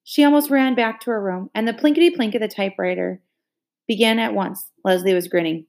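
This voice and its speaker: A woman narrates a children's novel in a steady, measured storytelling voice. Her pitch sits in an ordinary middle range, and a noticeable vocal fry roughens her phrases. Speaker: audiobook reader. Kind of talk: reading a novel aloud.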